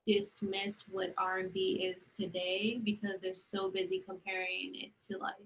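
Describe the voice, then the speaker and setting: With poor audio and slight background noise, a young woman's mid-range voice comes through at a measured pace. She's a podcast co-host in a casual chat, an animated storyteller who acts out quoted lines.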